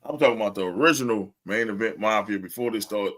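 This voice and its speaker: This co-host of a wrestling podcast talks fast in a low voice, laughing often as he chats casually. He tells his stories with plenty of animation.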